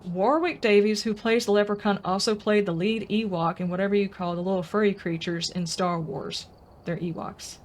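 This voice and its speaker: A woman's voice: mid-range voice, fairly even intonation, moderate pace. A woman streaming a game, chatting casually and rambling as she answers her viewers' comments. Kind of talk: casual live-stream chat.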